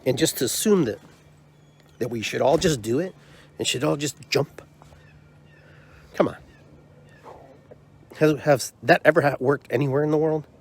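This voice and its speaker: His voice is fairly high and slightly rough, at normal speed with long pauses. The man, a podcast host and drum circle leader, delivers a heated, frustrated monologue full of repeated rhetorical questions on his own show.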